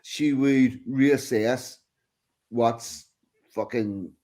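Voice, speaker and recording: A man hosting an online stream, reading a news story aloud and breaking off to mock it. His voice sits at an ordinary middle pitch, and his asides are blunt and full of swearing. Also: drawn-out words, a little mellow. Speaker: stream host. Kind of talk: casual chat, reading out an article with comments.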